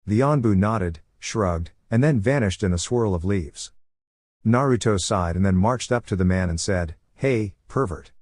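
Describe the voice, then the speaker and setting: A man narrating a fan fiction story in a steady, even reading manner. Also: on the low side, normal speed, no room sound.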